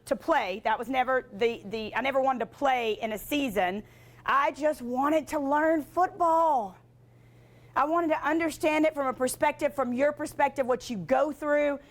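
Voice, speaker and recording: A woman giving a motivational talk, telling stories in a chatty way with lots of fillers and self-deprecating humor. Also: high voice. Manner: chatty, filler-heavy with frequent "like". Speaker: motivational speaker and sportscaster.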